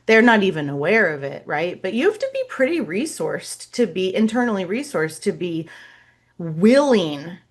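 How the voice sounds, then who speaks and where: A woman's voice: medium pitch, big pitch swings, normal speed. A woman hosting a podcast interview, reflective, hunting for her words and checking in with "right?". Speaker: podcast host. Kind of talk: casual interview conversation.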